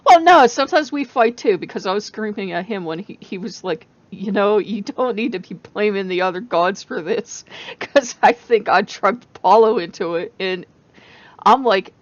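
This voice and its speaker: A woman talks straight to camera in a casual vlog, animated and often breaking into laughter. Her pitch sits in the middle but swings widely as she tells the story. The recording is dry and a little dull. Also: moderate pace, no echo. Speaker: channel host.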